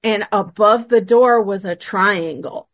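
A woman paranormal investigator, a guest on an interview show, telling a story from an investigation in a casual, animated way and acting out the dialogue. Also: medium pitch, takes it slowly, dry recording.

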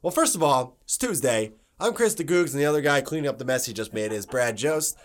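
A man's voice: mid-range voice, expressive, a little fast. A young man from New Jersey with a New Jersey accent, co-hosting a podcast in loose, rambling, swearing chat that often breaks into laughter. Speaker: podcast co-host. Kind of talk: casual chat.

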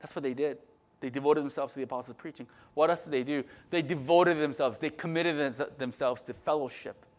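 A middle-aged male pastor giving a sermon in a conversational way, tagging lines with "right?" and swinging from quiet asides to loud, emphatic bursts. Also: a little high, brisk.

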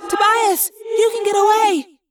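A woman voicing a gentle teenage girl in a storybook reading, calling out high and strained. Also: fairly even intonation, unhurried, background noise. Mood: urgent.

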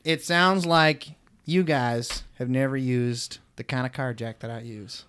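A man's voice: mid-range voice, unhurried, a bit bright, a little hiss or hum. A man talking in a rambling, folksy drawl as a guest in a comedic interview.

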